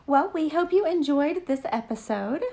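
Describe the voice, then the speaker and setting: Gravelly-voiced woman co-hosting a podcast. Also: sits high, animated, dark tone. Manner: chatty, quick to tease, breaks into laughter. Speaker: podcast co-host. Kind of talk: podcast chat and scripted narration.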